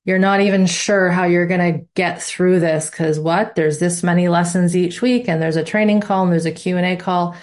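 A woman's voice: fairly low pitch, fairly even intonation, normal speed, hardly any pauses, a little mellow. A woman instructor talking to her students in a live online class, with a playful, reassuring manner. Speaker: course instructor.

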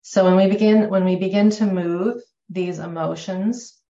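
A woman's voice: mid-range voice, steady tone, a little slow, mellow. Woman teaching in an echoey room. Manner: conversational, self-correcting, acts out quoted remarks. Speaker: somatic therapy teacher. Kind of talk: teaching a class on slides. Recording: echoey room, dull lo-fi sound.

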